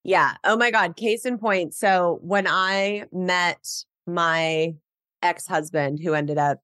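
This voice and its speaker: A woman hosting a podcast, telling stories in a casual, animated way with lots of filler words. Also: fairly low pitch, slow, dry recording, studio quality. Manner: animated storyteller, frequent "like" fillers. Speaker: podcast host. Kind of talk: casual chat.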